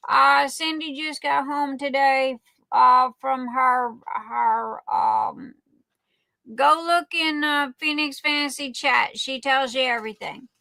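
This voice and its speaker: A woman's voice: high voice, takes it slowly, vocal fry, no room sound. A woman hosting a livestream, greeting viewers by name in a chatty way and calling them darling. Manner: warm chatty shout-outs, calls viewers darling. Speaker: livestream host.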